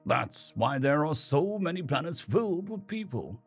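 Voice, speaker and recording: A gentle young father explaining patiently to his son, voiced by a male storyteller. He talks slowly and carefully, with a husky, breathy grain. His pitch moves in a lively way over faint background music. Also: heavily acted. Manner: slow, explaining tone.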